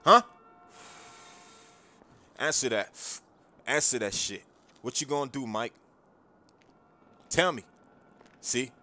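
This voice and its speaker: A man's voice: mid-range voice, lively intonation, slow, pauses often, sharp tone, exaggerated voice. A man voicing a needling, confrontational friend hiding out with others. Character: mouthy friend in a hideout.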